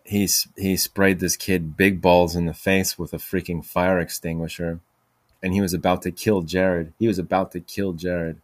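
A man's voice: deep voice, little pitch movement, moderate pace, no echo, clean studio sound. A man hosting a podcast, telling stories in a rambling way with many fillers and restarts. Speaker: podcast host. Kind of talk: casual storytelling monologue.

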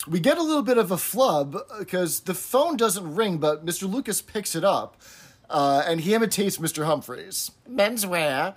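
A man's voice: high-pitched, big pitch swings, moderate pace. A man co-hosting a podcast in casual chat, steadily recapping an episode with frequent "um"s and "uh"s. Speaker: podcast co-host.

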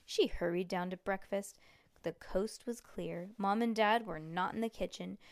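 A woman's voice: mid-range voice, normal speed, no echo. A woman reading a chapter book aloud to her child at home, breaking off for playful, chatty asides.

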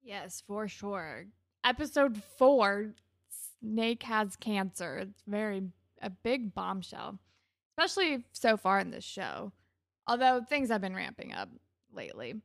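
Gravelly-voiced woman, lively recap. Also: medium pitch, a little slow, no echo, clean studio sound. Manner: lively, emphatic storytelling. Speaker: podcast co-host. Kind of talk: casual chat.

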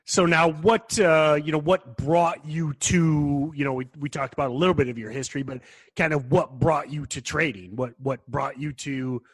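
Husky-voiced teasing male co-host. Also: on the high side, fairly even intonation, normal speed, dry recording. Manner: teasing, stammers and restarts questions. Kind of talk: casual interview chat.

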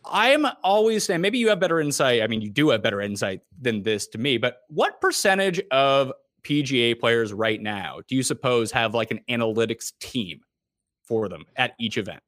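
A man with a Canadian accent, a fantasy golf analyst talking in a casual podcast chat, animated and joking at his own expense. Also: medium pitch, dry recording, studio quality. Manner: animated, quick asides and self-deprecating jokes.

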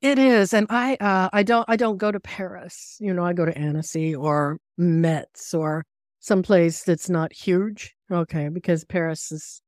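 A woman's voice: on the low side, steady tone, unhurried, darkish tone, dry recording, studio quality. An older woman from the United States, an author chatting as a podcast guest, telling anecdotes and laughing often. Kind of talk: casual conversation.

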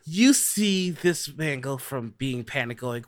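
A man narrating a tabletop role-playing game as game master, with a lively way of talking. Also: medium pitch, slow, dry recording, clean studio sound. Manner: lively, breaks into shouted voices for characters.

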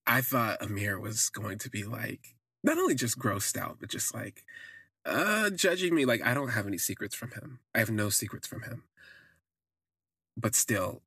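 A man's voice: on the low side, gravelly, a bit bright, slightly rough, no echo, studio quality. A man hosting a podcast, telling a candid personal story in a rambling way full of "like" fillers. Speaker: podcast host.

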